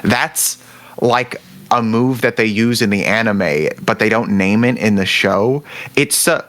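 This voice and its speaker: Low-voiced rambling male podcaster. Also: unhurried. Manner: rambling, searches for words, animated when excited. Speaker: podcast co-host. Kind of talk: casual podcast chat.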